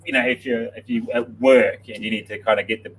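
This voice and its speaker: A man's voice: fairly low pitch, steady tone, fast, a bit bright, a little hiss or hum. A man co-hosting a casual morning livestream, laid-back, mumbling a little and chuckling at himself. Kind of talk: casual chat.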